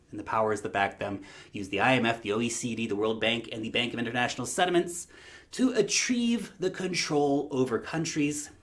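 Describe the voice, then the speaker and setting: A man's voice: mid-range voice, fairly bright tone. A man giving emphatic, opinionated vlog commentary, rallying his viewers and calling them "guys". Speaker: crypto vlogger.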